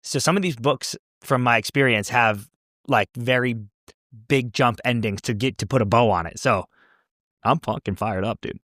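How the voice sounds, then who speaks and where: A man co-hosting a podcast in casual chat, excitable and swearing, acting out quotes. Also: medium pitch, moderate pace, no echo, studio quality. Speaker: podcast co-host.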